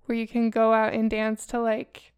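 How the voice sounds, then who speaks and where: A woman's voice: fairly high pitch, completely flat delivery, normal speed, darkish tone, smooth. A woman co-hosting a podcast, chatting casually and leading a storytelling segment. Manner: chatty, laughs easily, leads the storytelling. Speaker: podcast co-host telling a ghost story. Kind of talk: casual chat.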